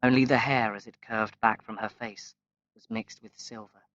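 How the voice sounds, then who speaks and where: A man reading a graded-reader story aloud as audiobook narration, slow and measured with long pauses. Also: on the low side, fairly even intonation, a bit bright, dry recording. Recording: dry, slightly dull lo-fi recording.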